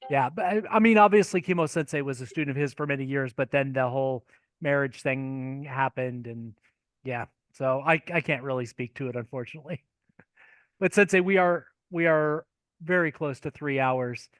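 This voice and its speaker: A man interviewing a guest over a call, courteous and deferential, speaking in a measured way. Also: mid-range voice, no room sound, studio quality. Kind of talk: polite interview talk.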